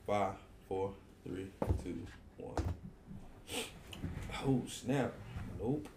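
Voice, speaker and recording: A man's voice: on the low side, very slow, gravelly. Laid-back man from the South with a cold. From South Georgia, US. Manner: laid-back, slangy, joking. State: has a cold. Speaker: podcast host. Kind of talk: casual chat among friends. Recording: roomy room with background noise.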